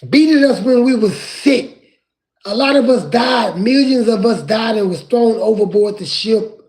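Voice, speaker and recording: A man preaching from scripture in an impassioned way, rising at times to crying shouts. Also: high voice, expressive, unhurried.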